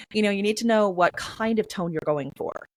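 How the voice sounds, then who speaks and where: A woman's voice: medium pitch, moderate pace, no echo. A woman answering interview questions about reading poetry aloud, chatty, with lots of fillers and playful sung sounds. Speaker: guest, poetry reader.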